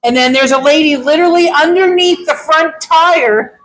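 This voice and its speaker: Woman dog groomer, high voice, blunt and opinionated in casual chat. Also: normal speed, a bit bright, poor audio.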